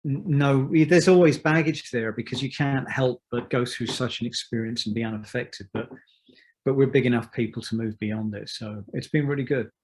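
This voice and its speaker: A man's voice: medium pitch, a little mellow. Reflective middle-aged man musician. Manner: thoughtful, measured, many restarts. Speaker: musician guest. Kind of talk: reflective interview talk.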